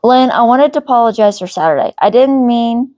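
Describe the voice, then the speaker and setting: A jealous teenage ex-boyfriend begs to be taken back, as a woman reads him aloud. His voice sits a little higher than her usual reading and sounds close and dry, as in a storybook reading. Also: brisk, mellow, no room sound, close to an everyday voice. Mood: pleading.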